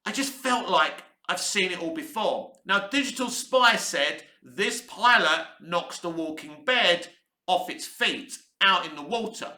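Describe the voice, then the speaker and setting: A man's voice: high-pitched, bright, forceful tone, echoey room. A man giving a blunt, candid TV review to camera, swearing freely. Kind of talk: casual opinionated review to camera. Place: room where he is based, in Cyprus.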